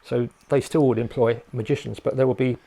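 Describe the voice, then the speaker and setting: A man's voice: mid-range voice, fairly even intonation, a little fast, gravelly, mellow. An older man from England, a guest in a casual interview, who rambles and hesitates with many fillers and restarts.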